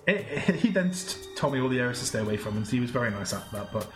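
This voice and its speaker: A man's voice: medium pitch, expressive, racing, reverberant, music in the background. A man from England with a British accent, telling a rambling story on a podcast, with many restarts and frequent laughs. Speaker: podcast co-host. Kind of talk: casual podcast chat.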